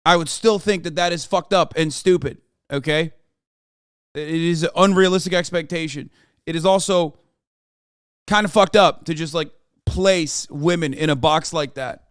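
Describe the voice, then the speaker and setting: A man streaming reaction commentary, sarcastic and profane, now and then bursting into shouts. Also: fairly high pitch, fairly even intonation, normal speed, clean tone, no echo, clean studio sound.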